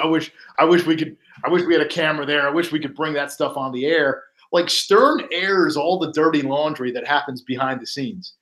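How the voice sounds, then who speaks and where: A man, a sportscaster guest on a podcast, telling casual stories and acting out what his colleagues said. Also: on the high side. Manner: animated anecdotes, acting out quoted colleagues.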